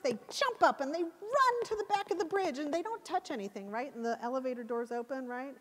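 A woman's voice: high-pitched, lively intonation, normal speed. A woman giving a passionate, emphatic conference talk. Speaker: conference speaker. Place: conference hall. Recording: long hall reverb.

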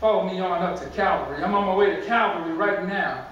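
A calm, commanding Jesus gives steady orders in a fairly high male voice, as a preacher acts him out. The sound is very echoey, and the speaker is far from the mic in a church. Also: fast, lo-fi sound, slight background noise. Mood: assured.

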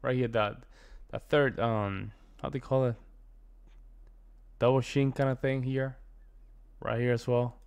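American man, reaction video host, casual rambling commentary, lots of fillers, mid-pitched voice. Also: steady tone, a little slow, gravelly, long pauses, a little mellow, smooth. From United States. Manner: rambling, repeats himself, many fillers.

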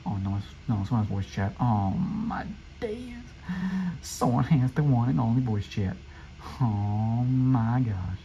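A young man giving excitable commentary over his own gameplay as a channel host, often jumping into squeaky teasing voices. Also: measured pace, dull audio, a little hiss or hum.

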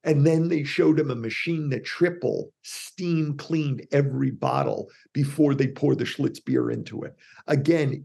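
A man being interviewed as a guest expert, telling a story with animated retellings of quoted characters. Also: mid-range voice, creaky, breathy edge. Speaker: podcast guest, differentiation expert.

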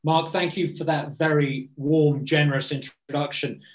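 Eager british guy on a video call, restarts a lot, sounds roomy and echoey, bit higher voice. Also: steady tone, moderate pace. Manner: earnest, enthusiastic, repeats words as he restarts. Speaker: guest, think tank president.

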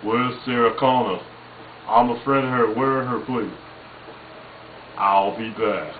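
A man's voice: medium pitch, slow, echoey room, recorded from a distance, phone-quality sound, slight background noise, close to an everyday voice. A man doing an impression of a stiff, heavily accented movie cyborg. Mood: menacing.

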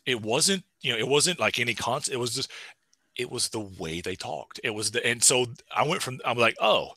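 A man giving a casual, animated seminar talk as a linguistics lecturer, full of lively rising pitch. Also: normal speed, no echo. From East Tennessee.

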